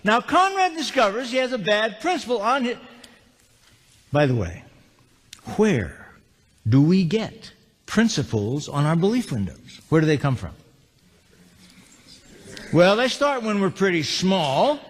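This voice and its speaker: Speaking a bit slowly in a high, sing-song voice with long pauses, this man gives a live seminar talk to an audience in a big lecture hall. The motivational speaker mixes funny stories with questions for the crowd, and the hall's reverb lingers.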